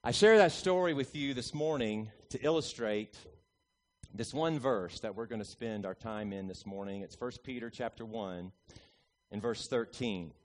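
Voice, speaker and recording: A man in his forties, a pastor, preaching a sermon that opens with a humorous personal story, told with lively, punchy emphasis. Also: mid-range voice, slight background noise. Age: 40s.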